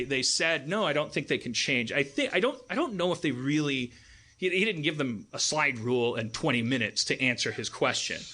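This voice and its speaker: A man hosting a talk show, telling a rambling, profane story and acting out the people in it. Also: mid-range voice. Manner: profane, animated, acts out quoted people in raised voices. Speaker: podcast host. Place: live stage.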